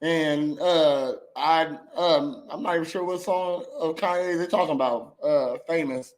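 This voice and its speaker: Halting male reaction host. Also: a little high. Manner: halting, many fillers and restarts. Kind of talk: casual reaction commentary.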